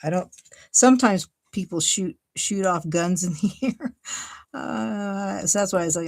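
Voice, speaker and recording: Her mid-range voice has vocal fry and a darkish tone, and she keeps a measured pace. She's a card-making host from Ohio, USA, chatting casually on a crafting livestream and thinking aloud while cutting and gluing a paper card.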